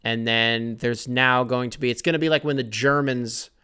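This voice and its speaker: Young male podcast host, casual comedic rant, profane, smooth mid-pitched voice. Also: steady tone, normal speed, sharp tone. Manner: profane, rambling, jumps into mocking quoted voices.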